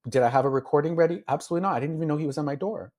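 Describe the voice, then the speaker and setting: In a candid, emotional interview, a male beauty influencer recounts his story with real feeling, racing along in a high-leaning, slightly mellow voice. Fillers pile up, and he voices his own past thoughts as if reliving them.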